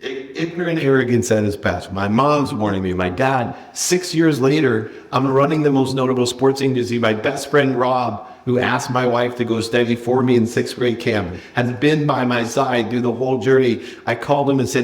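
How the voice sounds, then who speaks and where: A man giving a motivational keynote at a conference, telling a personal story with dramatic swings from loud bursts to hushed confession. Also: medium pitch, normal speed, few pauses. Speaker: keynote speaker. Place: conference stage.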